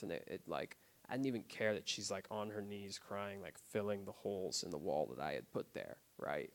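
A man sharing his recovery story in a casual, unscripted way, often quiet and subdued. He talks haltingly, filling his sentences with "like" and "you know what I mean" and restarting his phrases. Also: fairly low pitch. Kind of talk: personal testimony, casual and unscripted. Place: recovery group meeting.

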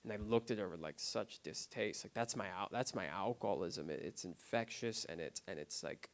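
Earnest man telling his recovery story. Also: on the low side. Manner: halting, full of "like" and "you know what I mean", with restarts. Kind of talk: personal testimony, casual and unscripted. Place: recovery group meeting.

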